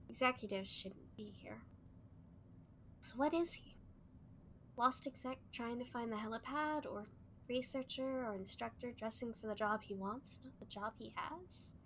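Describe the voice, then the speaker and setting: A woman reading a story aloud on a stream, expressive, breaking off with self-mocking asides. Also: on the high side, slight background noise. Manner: expressive, laughs at herself in asides.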